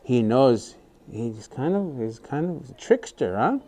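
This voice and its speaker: A man telling a story to a class of young children, animated and often asking them questions. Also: mid-range voice, unhurried.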